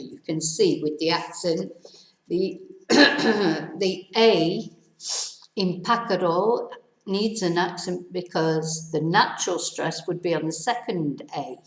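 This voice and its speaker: A woman teaching a casual video lesson, a little hoarse with laryngitis, spelling words out letter by letter and adding chatty asides. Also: lowish voice, roomy sound, poor audio. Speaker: Spanish teacher.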